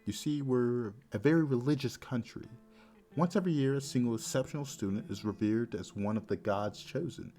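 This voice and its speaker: A man's voice: medium pitch, brisk, dark tone, soft background music, lightly acted. A man doing a smug scheming mage villain. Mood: smug threatening. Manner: smug, threatening, bargaining.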